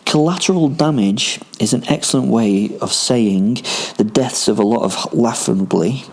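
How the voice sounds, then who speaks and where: A man's voice: medium pitch, unhurried, gravelly, a little mellow, husky. A man from Rochdale with a Northern English accent, hosting a podcast and telling first-person stories as a boastful ex-soldier werewolf on the run, rambling and swearing with many ums and asides. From Rochdale, England. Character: self-styled werewolf, boastful ex-soldier on the run, male adult. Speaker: podcast host. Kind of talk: in-character first-person storytelling.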